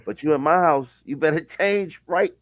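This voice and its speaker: A man's voice: a little high, normal speed, a bit bright, dry recording. A man in a casual chat, talking in slang and laughing often as he makes his point.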